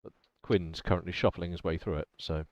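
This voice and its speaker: Low-voiced man running a tabletop game. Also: steady tone, fairly quick, dry recording. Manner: laughs often, thinks aloud with ums while checking rules. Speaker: game master.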